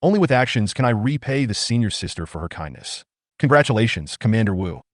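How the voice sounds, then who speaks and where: A man's voice: fairly low pitch, animated, fast, no echo, clean studio sound. A man voicing an earnest, grateful young male commander who speaks formally in a manga recap. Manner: formal, dutiful speech.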